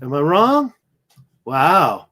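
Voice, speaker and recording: A man's voice: a little high, wildly swooping pitch, drawn-out words, bright, forceful tone. A tired man hosting a casual livestream, rambling and thinking aloud as he looks through photos. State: tired, yawning. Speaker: livestream host.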